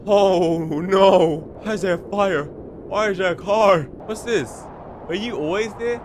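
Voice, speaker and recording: A man's voice: high-pitched, slow, a little hiss or hum. A young man giving jokey commentary on a horror game, reading its dialogue aloud. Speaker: gaming commentator. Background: game music.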